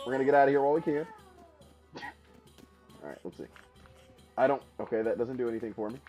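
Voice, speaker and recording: A man streaming a game for the first time, commentating excitedly, laughing and trash-talking his opponent. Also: medium pitch, fairly quick, long pauses, faint music behind. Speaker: gaming streamer. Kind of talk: casual live gameplay commentary.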